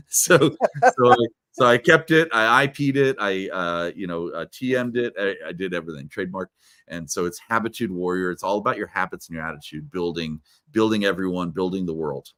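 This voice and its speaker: A man telling stories as a guest in a live video interview, energetic and playful. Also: sits low, normal speed. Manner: energetic, playful, many restarts. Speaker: guest, keynote speaker. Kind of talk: animated storytelling in a live interview.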